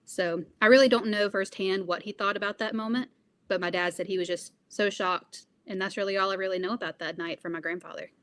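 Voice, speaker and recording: A woman's voice: medium pitch, steady tone, brisk. A young woman being interviewed, answering in an earnest, reflective way with frequent fillers. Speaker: interview guest.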